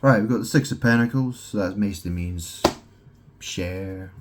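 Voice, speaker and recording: A man's voice: lowish voice, normal speed, background noise. A man recording a rambling monologue at home, meandering through wordplay and asking "right?" often. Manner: meandering, wordplay-heavy, with many "right?" asides. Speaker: solo vlogger. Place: at home in his house.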